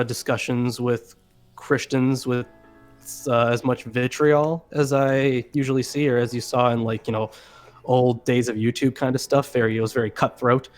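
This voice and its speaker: A man talking casually as a guest on a video call, hesitant, with many fillers and restarts. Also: medium pitch.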